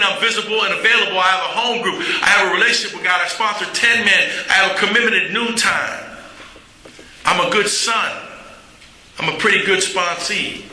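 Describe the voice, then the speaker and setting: A man's voice: high-pitched, sharp tone. A middle-aged man telling his recovery story to a meeting in a plainspoken, candid way, with some humor. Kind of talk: personal recovery talk. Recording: echoey hall.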